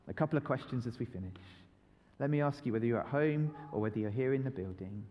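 Man, preacher, children's talk, mellow tone, long church reverb. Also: a little high, fast. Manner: lively, repeats phrases for listeners to join in. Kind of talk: children's sermon to a congregation.

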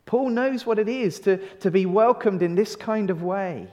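A man's voice: sits high, very animated, normal speed, few pauses, a little mellow, long reverb tail, dull audio. A male pastor giving a sermon in an earnest, conversational way, stretching key phrases for emphasis and asking rhetorical questions.

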